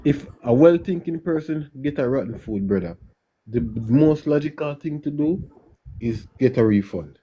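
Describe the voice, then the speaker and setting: A Jamaican man talks in an animated, emphatic way, checking in with his listener again and again. His voice is husky and mellow, with a soft, relaxed tone. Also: mid-range voice, normal speed. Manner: animated, emphatic, repeats tag questions. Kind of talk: casual chat.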